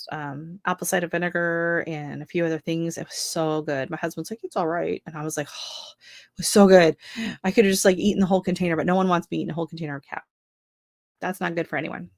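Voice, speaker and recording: A woman's voice: fairly low pitch, dry recording, clean studio sound. A middle-aged woman hosting a home gardening live stream, chatting casually and rambling through asides. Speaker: gardening channel host.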